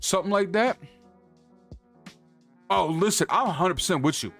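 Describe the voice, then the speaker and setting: A man's voice: high-pitched, expressive, normal speed, creaky, a bit bright, soft background music. A man streaming from home, ranting heatedly about card pack prices, swearing constantly and repeating himself as he gets worked up. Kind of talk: profane heated rant to stream chat. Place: indoor streaming setup.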